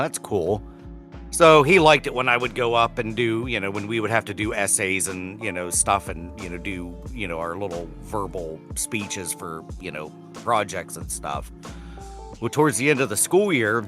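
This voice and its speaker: A man with a lowish voice co-hosts a casual podcast, speaking at a normal speed over soft background music. An animated storyteller, he acts out the quotes in his stories loudly.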